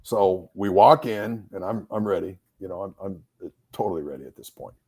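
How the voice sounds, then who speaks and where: Deep, husky-voiced middle-aged man telling war stories. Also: moderate pace. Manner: animated storyteller who acts out quoted dialogue. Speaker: guest, Marine Corps reservist officer. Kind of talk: casual storytelling interview.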